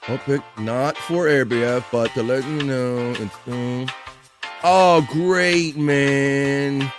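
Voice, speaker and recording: A man hosting a casual live stream, reading out chat messages and greetings in a lively, chuckling way. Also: mid-range voice, slow pace, over music. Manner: lively, reads chat names aloud, chuckles often.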